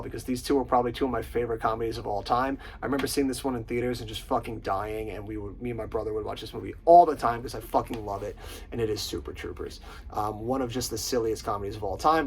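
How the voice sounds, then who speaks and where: A man's voice: medium pitch, a little hiss or hum, poor audio. A man hosting a casual movie countdown, swearing often and gushing about his favorite comedies. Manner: profane, enthusiastic, quotes lines in put-on voices. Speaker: host.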